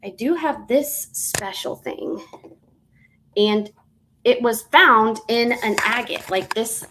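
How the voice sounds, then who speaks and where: Slow chatty lady running a live jewelry auction, kinda high voice, goes whispery then sing-songy, faint hiss behind. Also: low-quality recording. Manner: chatty, drops to soft half-whispers, bursts into sing-song greetings. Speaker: live-stream jewelry seller. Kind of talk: live auction sales stream.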